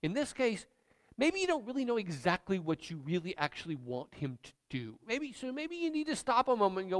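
A man's voice: high voice, sing-song, brisk. A man preaching a sermon as pastor, speaking in an emphatic, conversational way.

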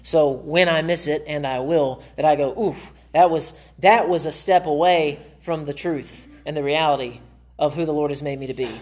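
A man's voice: a little high, normal speed, a little mellow. A man pastor preaching a sermon in a church, earnest and conversational. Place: church sanctuary.

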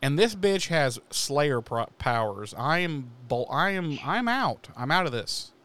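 A man's voice: a little high, sing-song, measured pace, a bit bright. A man doing a laid-back, swearing teen boy. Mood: flustered. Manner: profane, offhand.

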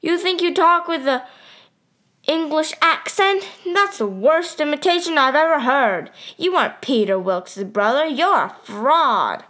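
A woman's voice: on the high side, huge pitch swings, measured pace, few pauses, bright, forceful tone, smooth, exaggerated voice. A woman voicing an indignant old male doctor in a storybook reading, scornful and accusing.

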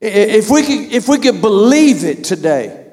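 Male preacher, 50s, high-pitched, fervent and repetitive, in a reverberant sanctuary. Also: sing-song, normal speed, darkish tone. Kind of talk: sermon.

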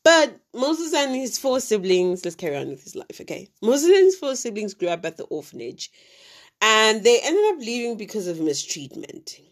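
A woman's voice: on the high side, sing-song, moderate pace. A woman from Africa, casually retelling a true crime story with many fillers and asides.

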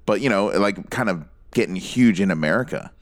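A man's voice: fairly low pitch, fairly quick, no room sound. A man in casual podcast chat, musing aloud and rambling between points.

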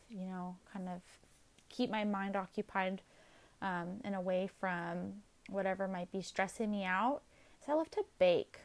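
A woman's voice: mid-range voice, a little mellow. A young adult woman hosting her own podcast, chatting casually in a rambling, self-deprecating way. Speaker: podcast host. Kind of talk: casual solo podcast chat.

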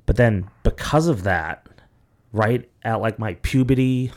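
Young man, fairly low voice, casual podcast host, rambling and profane, filler-heavy storytelling. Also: a little slow, darkish tone. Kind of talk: casual chat.

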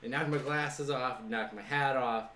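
A man of middle pitch spins a loose, profane story, piling on fillers as he goes. His voice carries a roomy echo, as if recorded in an open space. The talk is casual and unscripted. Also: a little slow, background noise.

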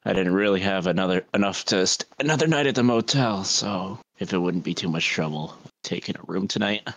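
A player speaking in character in a tabletop game, polite and measured. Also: sits low. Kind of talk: casual tabletop role-play.

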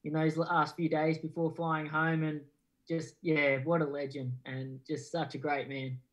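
A man's voice: fairly high pitch, unhurried, poor audio. A young man from Australia with an Australian accent, answering interview questions in an easygoing way, full of yeahs and ums. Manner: easygoing, many yeahs and ums, flat delivery. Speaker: guest boxer.

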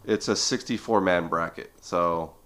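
A young man in his twenties speaks in a very low voice. He talks in relaxed conversation as a podcast guest, telling stories with lots of filler words. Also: measured pace. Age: 20s. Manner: lively storyteller, heavy filler "like". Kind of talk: casual chat.

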